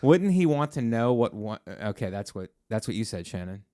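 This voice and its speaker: A man's voice: fairly low pitch, big pitch swings, mellow, no room sound. Guy hosting a comedy podcast, joking around, dry close mic. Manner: joking, quick banter. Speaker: podcast host. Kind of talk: casual comedic chat.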